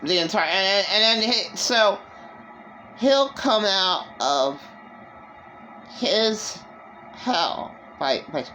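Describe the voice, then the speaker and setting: Slow, lively-pitched woman vlogger. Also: faint music behind, rough recording. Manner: rambling, halting, with many restarts. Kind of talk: emotional personal monologue.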